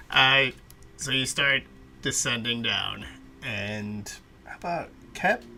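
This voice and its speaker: A man with a very bright, sharp voice runs the tabletop game as game master. He narrates the scene in a halting way, with frequent ums and uhs. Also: mid-range voice, creaky. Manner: hesitant, many fillers.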